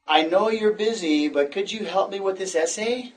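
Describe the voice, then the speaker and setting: A man teaching an English lesson, encouraging and repeating phrases slowly for learners. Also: high voice, far from the mic.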